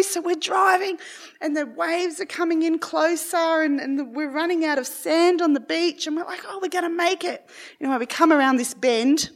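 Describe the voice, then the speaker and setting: A middle-aged woman telling a long personal story in a rambling, animated way, acting out the voices of her family. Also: very high voice, normal speed. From Australia.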